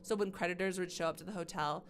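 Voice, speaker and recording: A woman's voice: lowish voice, steady tone, fast, slight background noise. A woman streaming a game live, chatting with sarcastic asides about what she sees. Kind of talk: live gameplay commentary.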